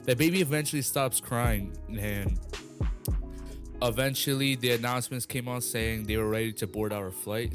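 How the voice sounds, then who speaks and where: A young man telling a story casually, rambling with lots of fillers and some swearing. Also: on the low side. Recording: music playing underneath.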